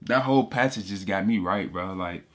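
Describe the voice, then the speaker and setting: Low-voiced and speaking at a moderate pace, a Bible teacher gives informal, insistent commentary on scripture. He repeats himself often, talks in slangy street language, and keeps calling his listeners "bro."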